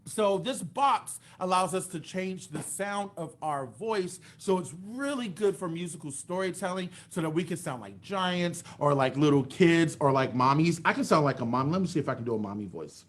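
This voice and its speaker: A man's voice: fairly high pitch, expressive, normal speed, few pauses. Upbeat man telling kids a story. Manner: sing-song, asking kids questions and praising. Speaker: children's storyteller and music teacher. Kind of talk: children's storytime narration. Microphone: large microphone into a voice box.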